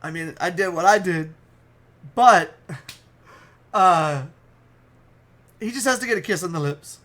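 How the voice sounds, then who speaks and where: A young man excitedly telling a wild story in a casual, profane, animated way. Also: high-pitched, slow pace. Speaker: storytime vlogger.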